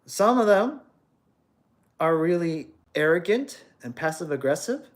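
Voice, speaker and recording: A man's voice: fairly high pitch, sing-song, measured pace. A man talking to his livestream audience in a casual, opinionated, lecturing monologue, full of rhetorical questions. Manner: acts out quoted voices.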